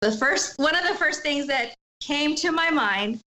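A woman's voice: high voice, lively intonation, unhurried, bright, forceful tone, rough recording. A middle-aged woman candidly telling a personal story as an interview guest, acting out what others said in emotional retellings. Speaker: guest sharing her story.

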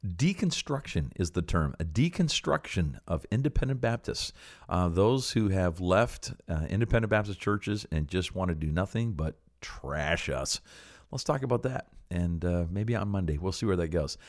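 A middle-aged man with a notably low, deep voice hosts a ministry podcast in a casual, earnest tone. He encourages his listeners warmly and fills his pauses with "uh" and "um." His pitch sits well below most men's. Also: animated, no echo, studio quality. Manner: earnest, encouraging, many fillers. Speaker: podcast host, preacher.

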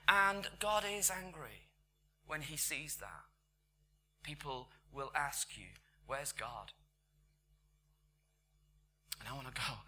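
A man delivers a sermon in a conversational way, sometimes dropping to a near-whisper and then building to loud, emphatic peaks. His voice sits a little high and sounds very bright. A faint hum runs under the recording. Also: big pitch swings, normal speed, long pauses. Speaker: preacher. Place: church.

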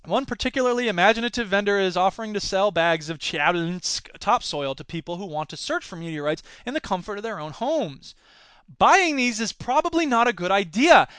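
A man's voice: very high-pitched, bright, forceful tone, clear, resonant tone, dry recording. A man hosting a podcast, reading news items and riffing with jokes in a rambling, playful way. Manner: jokey, rambling, slips into silly voices. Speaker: podcast host. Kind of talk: comedic news commentary.

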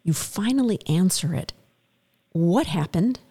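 A woman interviewer asking gentle, sympathetic questions. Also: lowish voice, expressive, unhurried, slightly rough.

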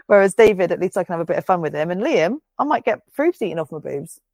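A woman's voice: fairly low pitch, big pitch swings, quick pace, darkish tone, no echo. A woman, co-hosting a podcast in casual chat, swearing freely and laughing often as she tells stories. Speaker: podcast co-host.

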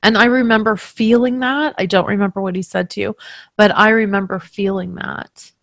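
A woman working as a medium, tenderly recounting a reading to the person she read for, emotional and halting. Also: mid-range voice, fairly even intonation, vocal fry, no room sound, studio quality.

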